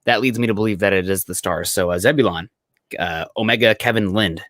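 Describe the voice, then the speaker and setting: A young Iowa man hosts a podcast, chatting in a relaxed, rambling way packed with fillers. His voice is lowish and a little fast. The recording is clean studio sound with no room ambience.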